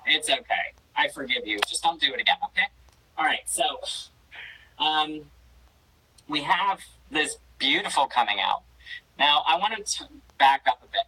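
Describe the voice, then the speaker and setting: A woman's voice: sits low, expressive, moderate pace, long pauses, pushed and bright, slightly rough, low-quality recording. A woman hosting a casual interview, emotional and jokey, with theatrical outbursts. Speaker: podcast host.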